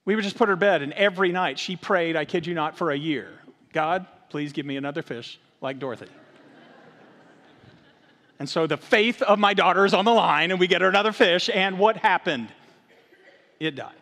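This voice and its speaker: A middle-aged man, the lead minister, giving a sermon that mixes Bible reading with lively family stories. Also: sits high, fairly quick. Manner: animated when telling stories, earnest in prayer. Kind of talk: sermon with storytelling. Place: church sanctuary. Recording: long hall reverb.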